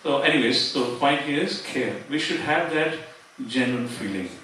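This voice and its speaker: A man's voice: medium pitch, expressive, moderate pace, pushed and bright, slight background noise. Man lecturing in an echoey hall. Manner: explanatory, quotes scripture, frequent fillers. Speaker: seminar presenter. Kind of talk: religious seminar lecture. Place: temple seminar hall. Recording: very echoey hall, distant mic.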